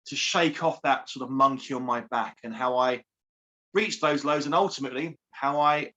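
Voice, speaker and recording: A man's voice: medium pitch, moderate pace, pushed and bright. A man in his forties speaks in a mid-range voice, upbeat and effusive, often repeating words as he goes. The audio is a bit dull and lo-fi, like an online call. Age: 40s. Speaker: guest, empowerment coach and author. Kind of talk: upbeat interview talk.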